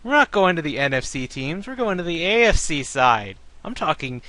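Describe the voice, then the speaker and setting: A man's voice: on the high side, normal speed, no room sound. A man hosting a casual sports talk show, ranting about fans with plenty of swearing. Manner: ranting, profane, animated. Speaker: podcast host.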